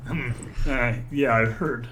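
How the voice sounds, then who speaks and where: A man's voice: medium pitch, fairly even intonation, slow, a crowd in the background. A man running a tabletop role-play as game master, narrating with many fillers and restarts.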